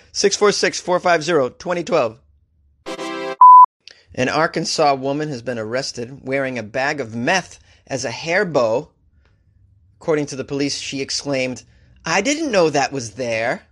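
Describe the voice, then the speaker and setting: A male talk show host reading out odd news stories and mocking them sarcastically, with big jumps in pitch. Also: a bit bright. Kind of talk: comic news commentary.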